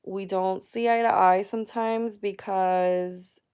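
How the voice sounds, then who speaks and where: A woman in her thirties talks openly to her followers in a personal vlog at home, emotional and chatty. Her voice has a gravelly fry, yet the words come out smooth and clear. She speaks slowly, taking her time. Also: medium pitch, steady tone, a little mellow. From United States. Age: 30s. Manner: candid, emotional, chatty with many fillers. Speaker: vlogger. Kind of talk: personal vlog talking to viewers.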